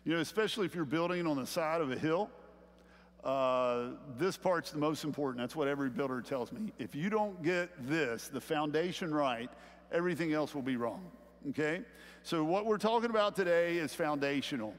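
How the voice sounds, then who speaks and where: A middle-aged man preaching a sermon as pastor, building to loud emphatic points and checking in with "okay?". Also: on the high side, normal speed, long reverb tail. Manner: animated preaching, rising louder on key points, frequent "okay?" check-ins. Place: church sanctuary.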